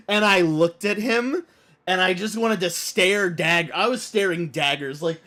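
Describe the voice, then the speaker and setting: High bright animated male streamer. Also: measured pace. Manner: animated, rambling, lots of fillers. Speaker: game streamer. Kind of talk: casual storytelling while playing.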